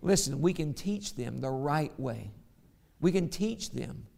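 A man's voice: fairly high pitch, lively intonation, unhurried, gravelly, dark tone. A middle-aged man preaching a sermon, telling stories and reading scripture aloud. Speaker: pastor.

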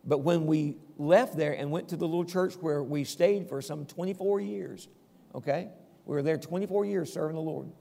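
Preaching in a relaxed, chatty manner at a normal speed, an older pastor checks in with his congregation and lets out a chuckle now and then. His voice sits a bit high with a gravelly quality, and a church hall's long reverb follows every phrase.

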